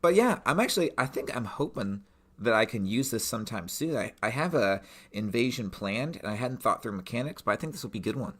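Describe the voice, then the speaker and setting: A man co-hosting a tabletop gaming podcast, pitching a scenario in a rambling, casual way with lots of fillers. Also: lively intonation, a little fast, a bit bright. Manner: rambling, many fillers and restarts. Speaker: podcast co-host, game master. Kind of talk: casual chat.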